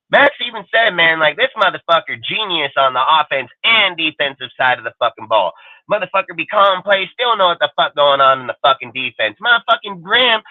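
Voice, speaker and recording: A man's voice: on the high side, no echo. A man ranting about football in a fired-up, profane, repetitive way, as co-host of a live sports show. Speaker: podcast co-host. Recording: dry, tinny phone-like audio.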